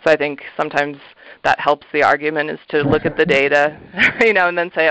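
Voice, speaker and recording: A man answers interview questions in an earnest, reflective way, pausing on fillers and small laughs. His voice sounds smooth and a little higher than most men's, with a flat melody. The audio is dry and slightly muffled. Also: dry recording. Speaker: thrift shop manager, interview guest.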